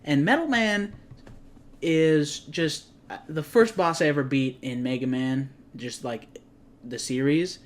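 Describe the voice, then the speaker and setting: A man's voice: on the high side, measured pace. A young man co-hosting a casual gaming chat, rambling and often correcting himself mid-sentence. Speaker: co-host. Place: garage.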